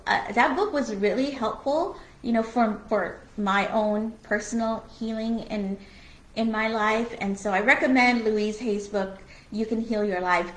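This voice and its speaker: A woman in a medium voice, talking through a relaxed spiritual conversation as co-host. She is earnest and open, full of "like" and "you know," and blunt enough to swear now and then. The room around her rings with a noticeable echo. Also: mid-range voice. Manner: candid and earnest, with many fillers like "you know" and "like". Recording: echoey room.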